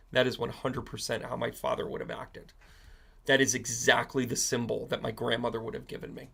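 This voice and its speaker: A man's voice: medium pitch, gravelly, a bit bright. A man hosting a live stream as a psychic medium, talking casually to viewers in a blunt, profane, ranting way. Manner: blunt and profane, given to rants.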